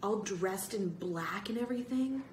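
A whiny, insistent schoolboy, as a woman reader puts him on, pitched higher than a grown voice. He presses every point in a storybook reading, with a roomy echo around the voice. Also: unhurried, slight background noise, lightly acted. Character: excitable boy, middle-school age.

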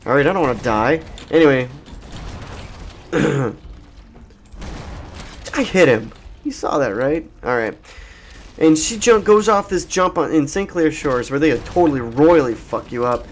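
A man's voice: fairly high pitch, lively intonation, unhurried, long pauses, slight background noise. An adult man hosting a let's play, telling a meandering, profane, jokey story while he plays. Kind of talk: rambling gaming commentary.

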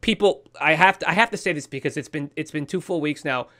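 A man's voice: fairly high pitch, quick pace, pushed and bright. A man co-hosting a podcast, ranting heatedly with lots of swearing and pleading with listeners. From New York. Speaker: podcast co-host. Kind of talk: casual podcast rant.

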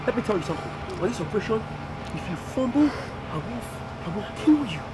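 A man plays a cruel armed robber with a Nigerian accent who barks orders and taunts his hostages. His voice is high and swings widely. Traffic noise fills the outdoor scene. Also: very animated, fast talker. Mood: taunting. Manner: threatening, taunting, repetitive commands.

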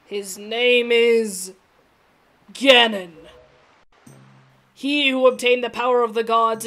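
A woman's voice: on the high side, a bit bright, lightly acted. A woman reading the lines of a wise old male talking boat king in a video game, with a solemn, formal delivery. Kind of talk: reading game dialogue aloud.

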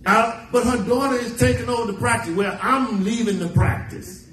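A high-pitched preacher delivering a folksy sermon, acting out quoted lines with flair. The sound is echoey and picked up from a distance in a church sanctuary, with faint room noise underneath. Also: male voice, moderate pace, a bit bright. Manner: folksy preaching with dramatic voiced quotes and humor. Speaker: pastor.

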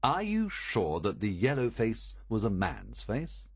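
A calm, probing detective voiced by a man asks one careful question after another. The voice sits low, with a lively rise and fall. The recording is close and dry. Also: breathy edge, no room sound, exaggerated voice. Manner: measured, questioning.

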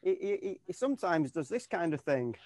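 With a high-pitched, sing-song voice and a darkish tone, this man talks briskly in a casual video-call interview, with no echo. He's a keyboardist in a tribute band who rambles, keeps restarting, and fills his speech with fillers.

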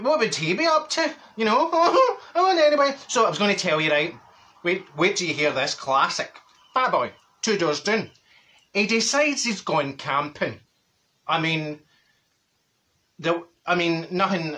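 Man playing a chatty older Glaswegian woman, rambling gossip, bright voice, sing-song delivery. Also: high voice. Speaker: comic character monologue. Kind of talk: character comedy monologue.

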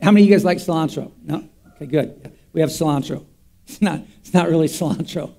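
A man's voice: on the high side, fast talker, creaky, dark tone. A man preaching an interactive sermon to his church, folksy and repetitive, quizzing the congregation call-and-response style. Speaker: pastor.

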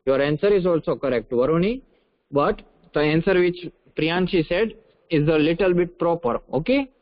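A man with an Indian English accent teaches a class over a video call, with a fairly high voice. He repeats his questions, dictates slowly and coaxes the students to answer. The audio sounds muffled and lo-fi.

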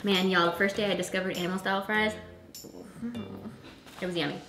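A woman hosts a casual eating vlog, chatting, rambling and laughing often while a friend films her on a camera. Her medium-pitched voice is fairly bright and fairly even in intonation, and she talks a little fast. The room is echoey, with faint music and slight background noise.

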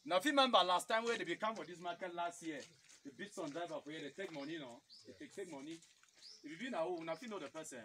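A man with a Cameroonian Pidgin English accent, addressing a crowd in an animated way and appealing to it directly. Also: a little high, quick pace, a little hiss or hum. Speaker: public speaker. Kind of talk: outdoor public address.

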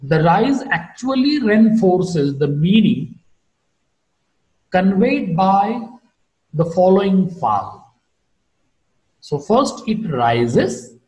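Slow, sing-song male phonetics lecturer. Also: mellow, reverberant, rough recording. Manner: slow, deliberate teaching with wide pitch swings. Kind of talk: recorded online lecture.

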